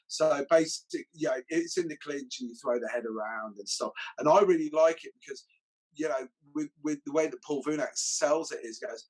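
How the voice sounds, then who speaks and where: A man who teaches martial arts, chatting casually and telling stories with lively acted-out quotes. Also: fairly high pitch, moderate pace, low-quality recording. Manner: animated storyteller, acts out quotes. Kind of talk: casual chat.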